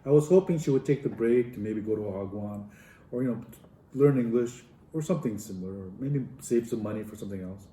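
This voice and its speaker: Speaking to a live audience, a male professor tells a story and acts out the dialogue with big swings in his fairly low, dark, brisk voice. The mic is distant, there's slight background noise, and the hall adds a roomy echo.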